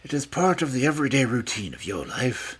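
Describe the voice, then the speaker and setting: A man's voice: mid-range voice, big pitch swings, a little fast, breathy edge. A man voicing a frail old male scholar who speaks with a mincing, precise manner. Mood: fussy.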